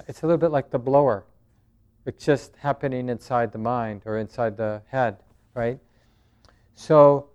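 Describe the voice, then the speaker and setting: Male meditation teacher, calm and unhurried, smooth resonant tone. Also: mid-range voice, lo-fi sound. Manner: calm, gentle, thoughtful. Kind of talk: dharma talk with group questions.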